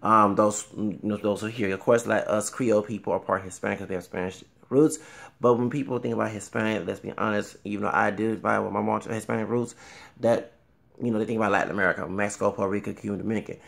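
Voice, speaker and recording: Thirties male vlogger, fairly deep voice with vocal fry, loose and repetitive delivery. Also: steady tone, quick pace, fairly bright tone. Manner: rambling, repeats words, frequent fillers. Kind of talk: casual talk to camera.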